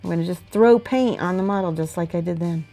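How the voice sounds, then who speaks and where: Woman, lowish voice, casual livestream chat, reading viewer messages aloud, painting at a desk. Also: brisk, mellow, faint music behind. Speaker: miniature painting streamer.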